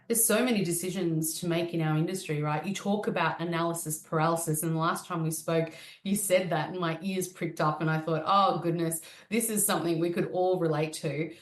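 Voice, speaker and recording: A woman's voice: on the low side, steady tone, a little fast, few pauses, reverberant. A woman hosting a podcast who sets up her questions with encouraging remarks and bits of brain science. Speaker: podcast host. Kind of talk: interview questions.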